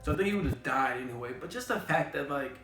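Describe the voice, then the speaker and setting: A young man recapping an anime in a casual, slangy, animated way, repeating catchphrases. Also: a little high, fast, vocal fry. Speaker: anime reviewer. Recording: roomy room, faint background music.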